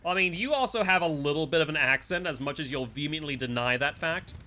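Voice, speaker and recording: A man's voice: fairly high pitch, animated, quick pace, sharp tone. A man with a Northeastern US accent, streaming a game live and rambling to chat between plays. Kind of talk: live gameplay commentary and chat.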